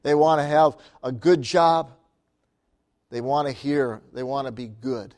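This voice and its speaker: A man's voice: mid-range voice, measured pace, darkish tone. A man preaching as a missionary, telling stories in a sermon, laughing often and calling out for amens. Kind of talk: sermon storytelling.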